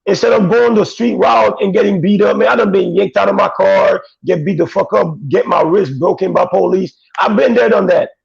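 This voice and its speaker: A man's voice: sits high, moderate pace, gravelly, few pauses, slightly rough. A male guest in casual chat, telling stories in blunt, profane street talk. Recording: dull, dry lo-fi sound.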